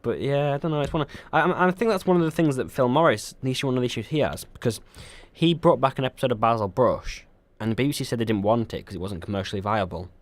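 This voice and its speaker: A young man talks quickly and loosely, rambling through his points with plenty of ums and false starts. His pitch sits in the middle range for a man. It sounds like a relaxed podcast chat between friends. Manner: rambling, hesitant, many ums and restarts. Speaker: podcast co-host. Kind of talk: casual chat.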